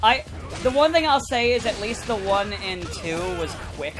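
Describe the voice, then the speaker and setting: A man's voice: high-pitched, very animated, moderate pace, music in the background. A man chatting casually and joking while playing a video game with friends. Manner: jokey, breaks into silly singing. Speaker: let's play gamer. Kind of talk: casual chat while gaming.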